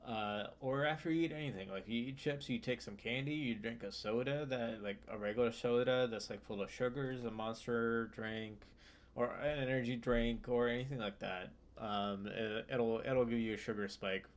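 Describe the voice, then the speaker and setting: A man's voice: medium pitch, steady tone, normal speed. A young man streaming his study session, reading a textbook passage aloud and explaining it casually with many fillers and restarts. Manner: reads text aloud then explains loosely with fillers and restarts. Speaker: student streamer.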